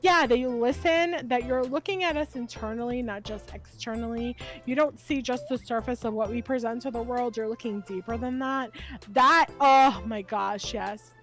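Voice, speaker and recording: A woman hosting a casual chat, giggly and gushing, acting out her own reactions in a squeaky voice. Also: moderate pace, soft background music. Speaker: host.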